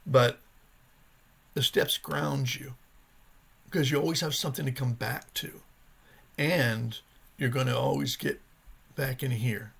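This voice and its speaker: Male vlogger, middle pitch, gravelly fry, earnest and rambling personal talk. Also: fairly even intonation, slow, long pauses, a bit bright. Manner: earnest, rambling, searching for words. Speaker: vlogger sharing his recovery journey. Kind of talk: casual personal vlog talk.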